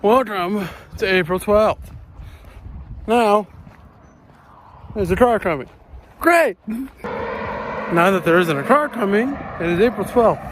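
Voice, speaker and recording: A young man with a slightly high voice chats upbeat into his phone camera outdoors. He sounds casual and talkative, with faint background noise behind him. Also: slow, long pauses. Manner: upbeat, chatty, talks while walking outdoors. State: out of breath. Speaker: vlogger. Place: outdoors on a sunny spring day.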